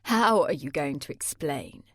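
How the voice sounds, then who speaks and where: A woman voicing a blunt, ruthless young man who speaks flatly and curtly. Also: high-pitched, unhurried, no echo, studio quality, voice pushed down. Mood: cold. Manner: flat, curt, matter-of-fact.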